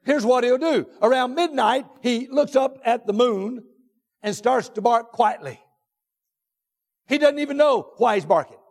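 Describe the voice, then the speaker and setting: A pastor with a very high, gravelly voice and lively intonation preaches a sermon in a church sanctuary, his words ringing out in a long hall reverb. He draws out his phrases deliberately, repeats them, and then shouts his key points.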